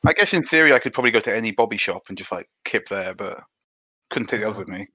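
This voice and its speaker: A man playing a tabletop game, jokey and playful as he talks in and out of character. His voice is bright and forceful. The sound is dry and close. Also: lowish voice, lively intonation, very fast, no echo. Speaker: player. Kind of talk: casual tabletop role-play.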